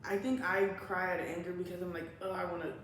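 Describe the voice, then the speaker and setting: A young woman chats casually as a podcast co-host, lively and quick to laugh, slipping into voices when she quotes people. Her voice sits a bit low. The room is very echoey, and a faint hum runs underneath. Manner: animated, laughs often, acts out quoted lines. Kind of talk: casual chat.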